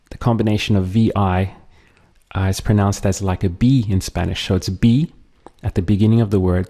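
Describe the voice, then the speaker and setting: Patient man teaching vocabulary, low mellow voice. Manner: slow, patient, drills words and pauses for repetition. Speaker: language teacher. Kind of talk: language lesson.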